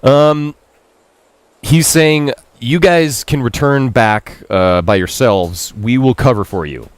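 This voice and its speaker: While streaming a Japanese game, a man translates the characters' lines in a chatty, self-mocking way, quoting in a raised pitch and making low asides. He takes it slowly, his tone clean and the recording dry.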